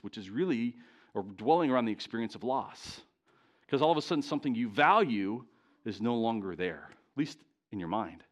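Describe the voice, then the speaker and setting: A middle-aged man preaching before a congregation, his pitch rising and falling in lively swings as he tells a story. He is self-deprecating and keeps asking the room questions. His voice sits at a middle pitch. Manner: animated, self-deprecating, talks straight to the congregation. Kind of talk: storytelling sermon. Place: church, live before a congregation.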